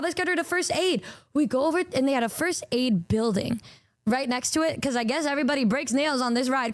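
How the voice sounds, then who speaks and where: A young woman streaming as a VTuber, telling stories to her chat in a casual, animated way with frequent swearing and stammered restarts. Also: fairly high pitch, no room sound, studio quality.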